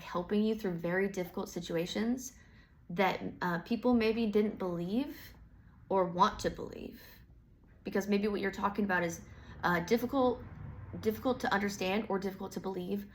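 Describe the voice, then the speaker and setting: A woman reads tarot in a loose, chatty monologue. Her voice sits at an average height with a gravelly, creaky edge. She rambles, restarts, and drops casual swears as she goes. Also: mid-range voice. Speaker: tarot reader.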